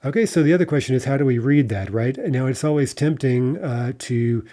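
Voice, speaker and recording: A man talks through a video lesson in a mellow, middle-pitched voice. He explains step by step, peppering his talk with "uh" and checking in with "right?". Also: brisk. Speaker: language teacher.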